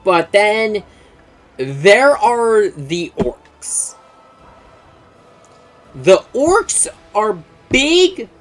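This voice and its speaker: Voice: mid-range voice, fairly bright tone. A game streamer casually explaining game lore, enthusiastic and rambling, with lots of fillers and swearing.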